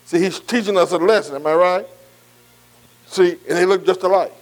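Man, preaching, high voice, call-and-response with the congregation. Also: moderate pace, poor audio. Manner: repeats "am I right?" to the congregation.

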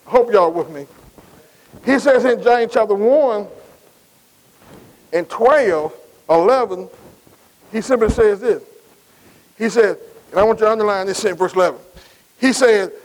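Middle-aged male preacher, high voice, call-and-response, repeats phrases. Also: normal speed, pauses often, poor audio. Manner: call-and-response, asks the congregation questions; Black church preaching cadence, repeats phrases. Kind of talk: sermon.

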